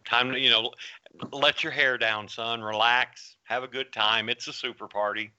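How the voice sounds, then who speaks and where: Halting podcast host man, bright voice. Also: medium pitch, fairly even intonation, smooth, lo-fi sound. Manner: rambling, halting restarts. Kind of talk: casual podcast chat.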